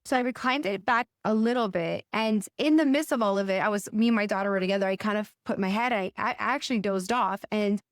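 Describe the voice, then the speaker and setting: A woman's voice: mid-range voice, quick pace, few pauses, dry recording, clean studio sound. A middle-aged woman co-hosting a podcast, telling a story in a casual, hesitant way with many restarts and fillers. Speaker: podcast co-host.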